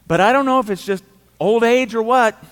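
A middle-aged man preaching a sermon as pastor, telling the story in a conversational way, acting out quoted voices and dropping quiet for emphasis. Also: very high-pitched, brisk. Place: church sanctuary. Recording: church hall reverb.

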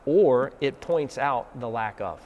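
A man's voice: medium pitch, expressive, slow pace, dull audio. A man with a Southern American accent, chatting casually about faith and using folksy everyday analogies. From Southern United States. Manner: folksy, uses homespun analogies.

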